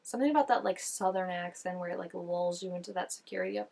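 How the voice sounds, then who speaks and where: A woman's voice: lowish voice, fast talker, gravelly, a little mellow. A young woman hosting a TV reaction video, talking casually and musing aloud, full of "like" and "I don't know". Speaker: TV reaction host.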